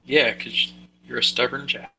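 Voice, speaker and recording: A man's voice: medium pitch, steady tone, measured pace, creaky, sharp tone, slight background noise. A man co-hosting a podcast, chatting in a laid-back, teasing way. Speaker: podcast co-host. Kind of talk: casual chat about card games.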